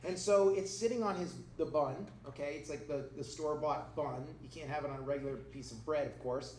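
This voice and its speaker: A man's voice: on the high side, a little fast, darkish tone. A middle-aged man, a pastor, giving a conversational sermon with humorous personal stories to a congregation. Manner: humorous, conversational, acts out quoted voices. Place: church hall before a congregation. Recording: echoey room with faint noise.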